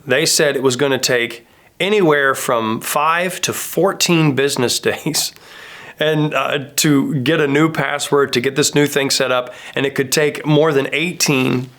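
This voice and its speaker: A male pastor in his thirties preaching in a loose, conversational way. He tells everyday stories and slips into quick impressions of the people in them. His voice sits in an ordinary middle pitch. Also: fairly bright tone. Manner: casual, storytelling, acts out quoted voices. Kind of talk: conversational sermon.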